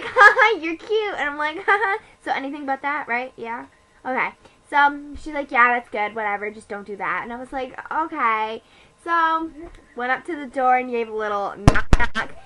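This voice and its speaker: A woman's voice: sits high, expressive, normal speed, pushed and bright, low-quality recording. A teenage girl playing a snarky, ditzy teenage girl who rambles profanely while gossiping about a date. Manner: rambling, profane, bratty, giggly asides. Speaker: comedy vlogger. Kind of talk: improvised comedy monologue.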